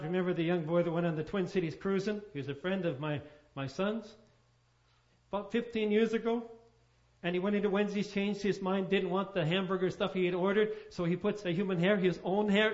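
Male pastor preaching, storytelling, lots of rhetorical questions, highish voice, muffled lo-fi sound. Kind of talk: sermon.

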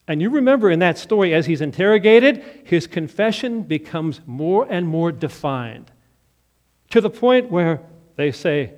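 Animated high-voiced male preacher. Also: measured pace. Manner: emphatic, dramatic shifts between loud and hushed. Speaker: pastor. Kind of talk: sermon.

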